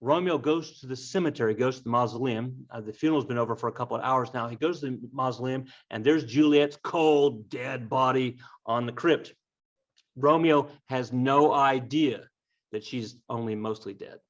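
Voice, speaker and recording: A man's voice: mid-range voice, moderate pace. A man casually retelling a classic tragedy with wry, offhand asides. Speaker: storyteller. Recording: dull lo-fi recording.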